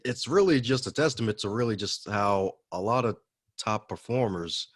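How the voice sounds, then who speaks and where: A man with a low voice, hosting a podcast interview. He sounds eager and affirming, laughs easily, and the recording is dry and close, with no room sound. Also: expressive, moderate pace, husky, no room sound. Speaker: podcast host. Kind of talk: casual interview conversation.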